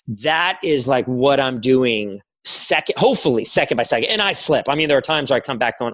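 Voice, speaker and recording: A man in his forties speaks in an earnest, reflective way, telling personal stories and quoting his own inner voice. His pitch sits in the middle, and the sound is close and dry, with no room around it. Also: lively intonation, fairly quick, hardly any pauses, fairly bright tone, no echo, poor audio. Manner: earnest, reflective storytelling with quoted self-talk. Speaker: podcast guest, career coach. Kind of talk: conversational interview.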